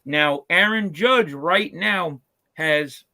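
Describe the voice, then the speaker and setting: A man's voice: fairly high pitch, very slow, bright, forceful tone. A man co-hosting a casual live stream who chats and explains things at length.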